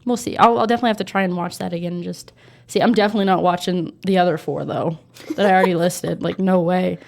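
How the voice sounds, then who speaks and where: A woman's voice: on the low side, steady tone, quick pace, vocal fry. A young adult woman co-hosting a casual chat, talking in a hesitant, easily spooked way with many fillers. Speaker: co-host.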